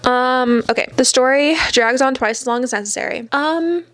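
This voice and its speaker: A young woman talks through a casual book review at home in a slightly high, bright voice. Her delivery is wry and chatty, full of easy fillers. The sound is close and dry, with no room echo. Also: normal speed. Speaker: book vlogger.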